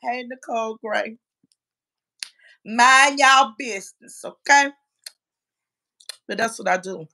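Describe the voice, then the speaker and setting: Brash, profane woman livestreamer, higher voice. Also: takes it slowly, pauses often. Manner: brash and profane, frequent shouting. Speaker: livestream host reading chat. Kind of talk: casual livestream chat.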